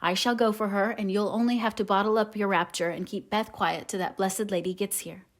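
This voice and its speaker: A woman's voice: medium pitch, fairly even intonation, fairly quick, natural voice. A woman reading as Laurie, kind teenage boy. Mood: eager. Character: kind, boyish teenage boy, teasing friend. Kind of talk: audiobook character reading.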